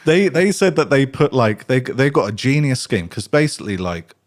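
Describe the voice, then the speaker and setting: Guy on a podcast, super lively up-and-down voice, acts out every story. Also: mid-range voice, normal speed. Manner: animated storyteller, acts out scenes, laughs often. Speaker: podcast guest. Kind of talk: casual podcast chat.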